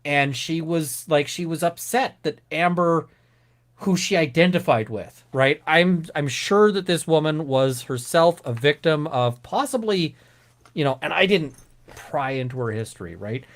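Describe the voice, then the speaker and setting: A man's voice: fairly high pitch, animated, a little slow. A man co-hosting a casual live-stream chat, ranting and swearing a lot. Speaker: co-host.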